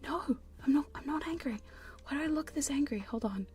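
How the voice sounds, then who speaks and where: A woman chatting in a soft, giggly whisper on a live hypnosis ASMR stream, close to studio mics in her home studio. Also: high-pitched, lively intonation, normal speed. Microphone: studio condenser and binaural mics.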